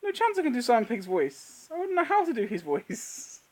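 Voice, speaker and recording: A man with a high voice chats loosely through a live Q&A. He sounds unwell and his throat is sore. He breaks into laughter often and leaves sentences hanging before starting them again. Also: huge pitch swings, brisk, darkish tone. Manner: laughs often, trails off and restarts. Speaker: channel host. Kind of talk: casual live Q&A chat.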